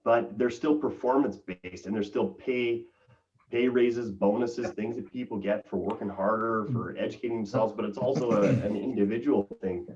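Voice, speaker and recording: A man's voice: lowish voice, normal speed, darkish tone. Earnest man on a muffled distant call. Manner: enthusiastic, earnest. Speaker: guest. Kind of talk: casual chat. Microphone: video call.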